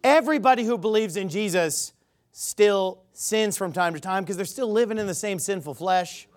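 High-voiced man preaching emphatically. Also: normal speed. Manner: emphatic, quizzes the crowd with rhetorical questions. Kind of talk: sermon.

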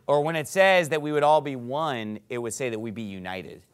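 A man, a pastor, preaching a sermon and reading scripture aloud. He talks emphatically, repeats his points, and builds to loud peaks. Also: mid-range voice, moderate pace, smooth. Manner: reads scripture aloud in King James wording.

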